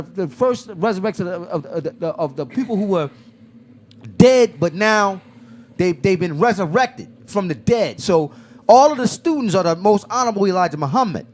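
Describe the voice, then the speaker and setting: High-voiced man telling stories animatedly. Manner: animated, acts out quoted dialogue with restarts. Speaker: podcast host. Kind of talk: casual discussion.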